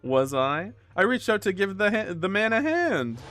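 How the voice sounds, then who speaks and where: A man voicing a rough-spoken, defensive Irish working man in a game, with a put-on Irish accent and a folksy, pleading manner. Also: high-pitched, big pitch swings, moderate pace, fairly bright tone, faint music behind, pitched above the performer's own voice.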